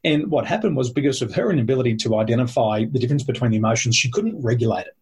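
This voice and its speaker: A man with a very husky, breathy voice talks in a conversational, teacherly way. He stresses his points and runs through them as lists. His pitch sits in the middle. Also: animated, racing. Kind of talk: conversational explaining.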